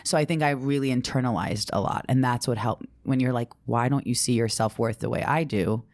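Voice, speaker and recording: A woman with a low voice, recorded close and dry, chats casually as a podcast guest. She tells stories animatedly, slipping into other people's voices and swearing without a second thought. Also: fairly quick, no echo. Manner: animated storytelling, acts out quotes, swears casually.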